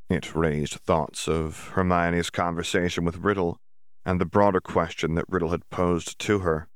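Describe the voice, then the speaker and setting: Male audiobook narrator; low, gravelly, steady and measured; dry booth sound. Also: no room sound. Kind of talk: scripted narration.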